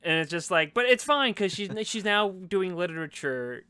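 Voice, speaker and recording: A man's voice: high voice, animated, moderate pace, pushed and bright, clear, resonant tone, no room sound. A young man hosting a podcast, chatting casually and joking, sometimes acting out characters in a raised voice. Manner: jokey, acts out characters in raised voice. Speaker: podcast host. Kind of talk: casual chat.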